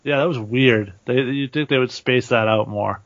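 A man's voice: medium pitch, normal speed, no room sound. A man co-hosting a wrestling podcast, asking questions and dropping dry, sarcastic remarks. The recording is close and dead, with no room sound, and has a dull, lo-fi tone. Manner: wry, questioning, sarcastic asides. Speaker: podcast co-host. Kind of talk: casual wrestling recap chat.

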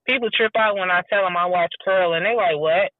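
A woman telling stories in a casual chat, animated and acting out what people said. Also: fairly low pitch, quick pace, no room sound. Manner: animated storytelling, acting out quotes. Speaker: podcast guest. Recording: tinny phone line, dry.

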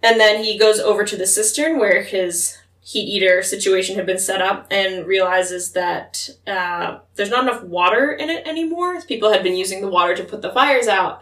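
A woman talks through a book with a friend in a relaxed, chatty way, slipping into characters' voices as she retells scenes. Her voice sits a little back from the microphone in a roomy, echoing space. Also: medium pitch, recorded from a distance. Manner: chatty recapping, acts out characters' lines with laughter. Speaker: podcast co-host. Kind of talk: casual book discussion. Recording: roomy echo, voice set back from mic.

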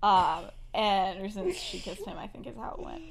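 A young woman hosting a podcast, casually telling a fan-fiction story. She laughs often and acts out the characters' lines as quick quotes. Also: mid-range voice, sing-song, crowd noise. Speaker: podcast host.

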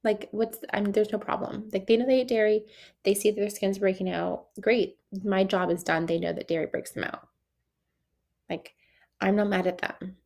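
A woman's voice: mid-range voice, fairly even intonation, normal speed, vocal fry, darkish tone. A young adult woman hosting a solo podcast, chatting casually with many "like"s, laughing often and acting out dialogue. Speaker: podcast host, esthetician coach.

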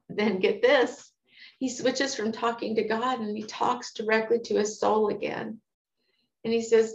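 A woman's voice: fairly high pitch, fairly even intonation, a little slow, vocal fry. Earnest woman teaching scripture in an echoey room. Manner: earnest, candid and conversational, quoting scripture. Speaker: Bible teacher. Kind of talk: devotional teaching on a psalm. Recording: echoey room, dull lo-fi sound.

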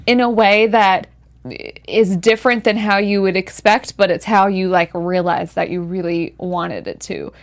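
A woman's voice: medium pitch, a little slow. A woman co-hosting a TV after-show, gushing and emphatic as she talks. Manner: gushing, emphatic, uses y'all. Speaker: co-host. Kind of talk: casual TV after-show chat.

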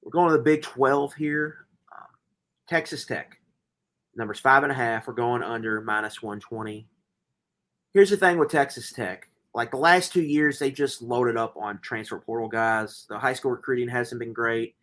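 A man's voice: mid-range voice, normal speed, a bit bright. A man co-hosting a casual sports betting chat, rambling along with many fillers and restarts. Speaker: podcast co-host.

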